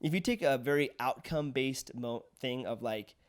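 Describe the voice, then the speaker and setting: Casting: young male podcast host, mid-pitched, upbeat and easygoing, agrees a lot. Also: moderate pace. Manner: upbeat and agreeable, lots of "yeah". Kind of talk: casual interview chat.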